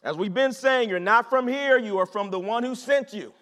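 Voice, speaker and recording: A man with a very high voice speaking at normal speed preaches a sermon to his congregation, animated and conversational, repeating phrases and calling out to listeners. The recording carries the long reverb of a large hall.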